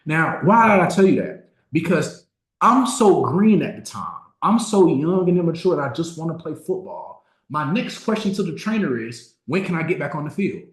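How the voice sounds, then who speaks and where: A man in his thirties giving a motivational talk, telling a personal story and slowing down to stress key words. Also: fairly high pitch, sing-song. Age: 30s. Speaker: motivational speaker. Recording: roomy echo.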